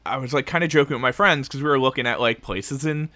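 A man's voice: medium pitch, quick pace, bright, forceful tone, no room sound. A man co-hosting a podcast in casual chat, rambling with restarts, swearing freely and laughing. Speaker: podcast co-host.

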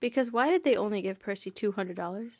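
A woman's voice: mid-range voice, expressive, quick pace, dry recording. Young woman, podcast host, casual chat, giggly, bubbly, filler-heavy, dry close sound.

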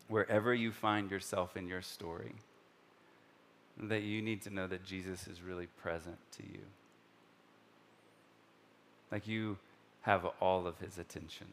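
A man preaching a sermon in a conversational way, full of fillers, acting out the scripture dialogue and swinging from soft, slow passages to loud, excited ones. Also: lowish voice. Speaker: pastor.

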